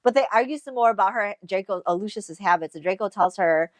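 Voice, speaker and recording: A woman co-hosting a podcast, retelling a story in casual chat, animated and swearing, laughing often. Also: medium pitch, fast talker, few pauses, no echo. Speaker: podcast co-host. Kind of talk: casual book recap chat.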